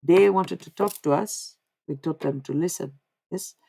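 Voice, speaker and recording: A woman's voice: fairly low pitch, unhurried, vocal fry, dark tone, slight background noise. A woman speaking as a channeled old male holy man, preaching in plain, broken phrases. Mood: solemn.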